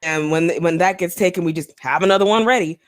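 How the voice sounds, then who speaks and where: Low-voiced woman chatting on a podcast. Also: quick pace. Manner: chatty, laughs often, many fillers. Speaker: podcast co-host. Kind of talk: casual chat.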